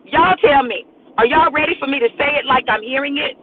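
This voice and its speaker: A woman's voice: sits high, fairly quick. A woman preacher giving an emphatic, repetitive prophetic sermon on a live stream, speaking straight to her viewers. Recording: tinny phone-like audio with faint noise.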